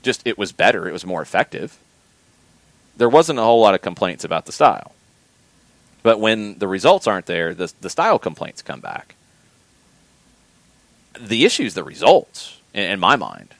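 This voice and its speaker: A man hosting a soccer podcast, giving measured, opinionated commentary and often repeating words as he thinks. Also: lowish voice, sing-song, creaky, no echo.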